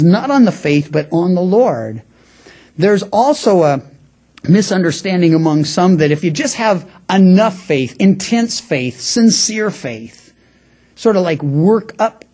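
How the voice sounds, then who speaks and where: A man's voice: sits high, darkish tone, slightly rough. A man preaching a radio sermon, talking through his point in a conversational way, with frequent restarts and stammers. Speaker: pastor.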